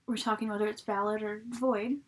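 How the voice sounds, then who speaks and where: A woman's voice: medium pitch, steady tone, brisk, slight background noise. A young woman reviewing a TV episode from home at her laptop, chatty and rambling, swearing freely. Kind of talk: casual spoken review.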